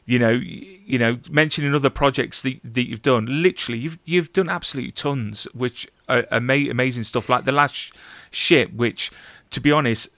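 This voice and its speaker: A man's voice: medium pitch, moderate pace, creaky, a bit bright, no room sound. A young man hosting an interview in casual chat, stammering and repeating syllables as he talks. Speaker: interviewer host.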